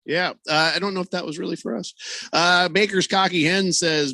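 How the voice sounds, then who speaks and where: A man's voice: high-pitched, fairly even intonation, normal speed, vocal fry, bright, forceful tone, no room sound. A man hosting a sports radio show, rambling and joking in casual studio banter. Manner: rambling, filler-heavy, joking.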